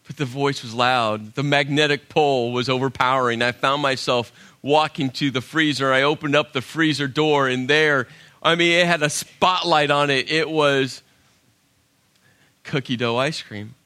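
A man preaching a sermon as pastor, telling a personal story in an animated way and acting out his own inner dialogue. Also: mid-range voice, normal speed, smooth.

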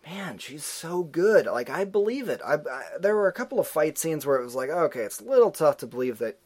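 A man's voice: fairly high pitch, big pitch swings, fairly quick, a little mellow. A man hosting a movie podcast who talks casually, ranting and joking in a strongly opinionated way. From United States. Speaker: podcast host. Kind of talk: casual movie review chat.

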